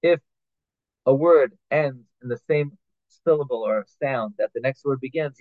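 Man as a Torah teacher, middle pitch, phone-like sound, dry. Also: moderate pace, no room sound. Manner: reads Hebrew phrases then explains them in English, with restarts and fillers. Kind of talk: halacha class, translating Hebrew text line by line. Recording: tinny phone-like line, dry.

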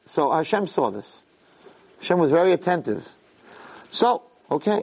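A man teaching a Torah lesson in an animated way, acting out quotes and repeating words for emphasis. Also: on the high side, fast talker. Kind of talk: Torah lecture.

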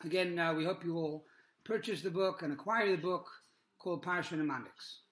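A man teaching a Torah class in a sermon style, telling stories at a measured pace with pauses, fillers and Hebrew religious terms. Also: high voice, fairly bright tone.

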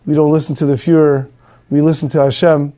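A man's voice: a little high, little pitch movement, fairly quick, mellow, lightly acted. A man voicing a steadfast Jewish camp capo who speaks firmly and plainly. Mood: defiant.

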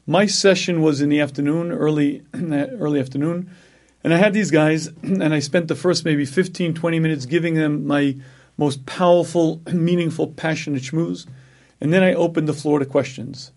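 A man delivers a religious sermon in a slightly raised register. He keeps clearing his throat between phrases. He drives points home by repeating key words. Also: fairly high pitch, fairly even intonation, normal speed, darkish tone. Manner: frequent throat clearing, emphatic repetition. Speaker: rabbi giving a talk.

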